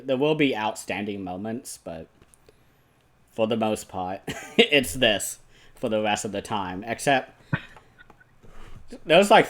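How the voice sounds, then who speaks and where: Man animatedly retelling movie scenes. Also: lowish voice. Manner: animated retelling, laughs often, many "like" fillers. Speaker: podcast host. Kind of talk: casual film discussion.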